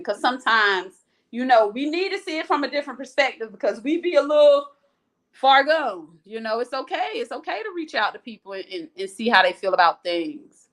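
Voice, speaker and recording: A woman's voice: high voice, lively intonation, fairly quick. A woman hosting a live chat show. She talks to her viewers frankly and with energy, and reads out their comments. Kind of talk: casual livestream talk, reading viewer comments.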